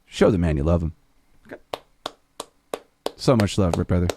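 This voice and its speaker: A man's voice: deep voice, normal speed, noisy background. A man chatting on a live stream between folk songs, laid-back, swearing casually and laughing at his own jokes.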